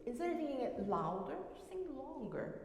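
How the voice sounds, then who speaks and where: A woman's voice: high voice, moderate pace, gravelly. A woman teaching a piano masterclass, singing rhythms aloud as she coaches. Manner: sings rhythms aloud, animated. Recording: echoey hall with piano.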